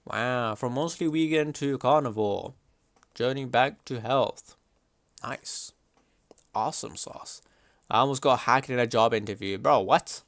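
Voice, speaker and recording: A young man livestreaming, chatting casually and reacting to chat in a slangy, animated way. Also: medium pitch, gravelly, no room sound.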